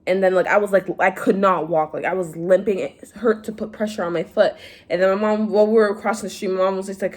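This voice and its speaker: A young woman vlogger telling stories in casual chat, animated, acting out quotes in a higher voice. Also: fast talker. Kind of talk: casual storytime vlog.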